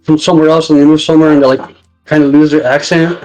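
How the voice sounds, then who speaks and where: A man from New Mexico with a Southwestern US accent, talking over an online voice call in a relaxed, rambling way. His voice sits a bit high for a man, with faint music playing behind him. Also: fast talker, poor audio. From New Mexico, United States. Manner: relaxed, rambling, laughs easily. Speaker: guest on voice chat. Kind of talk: casual chat on voice call.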